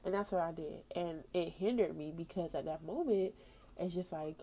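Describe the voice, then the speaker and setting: A young woman with a warm, lowish voice talks through her own story on a faith podcast. She speaks casually, leans on "like," and acts out what she was thinking at each turn. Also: moderate pace, breathy edge. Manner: animated storytelling, acting out her own past thoughts; casual, slangy, with frequent "like" and laughs. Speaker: podcast host.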